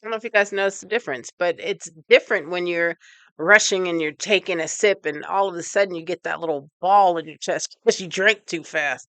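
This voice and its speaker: Lady coach on a video call walking people thru breathing stuff, bright clear voice, dry sound. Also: on the low side, dry recording. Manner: encouraging, counts slowly through breathing and tension exercises. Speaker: emotional intelligence coach. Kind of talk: live online workshop guiding exercises.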